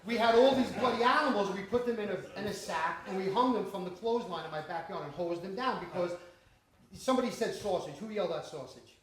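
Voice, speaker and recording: An independent filmmaker from the Bronx, New York, talks fast in a high-sitting voice during a Q&A after screening his film at a small cinema. He tells stories, laughs often, and swears, with the audience audible in the echoey room.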